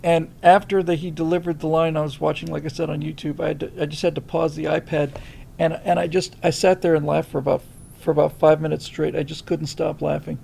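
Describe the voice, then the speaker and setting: A man hosting a livestream drifts from one anecdote to the next in casual, rambling chat. His voice sits a touch high and is heavy with gravelly fry, over a faint background hiss. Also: little pitch movement, fairly quick, a little mellow, poor audio. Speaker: host.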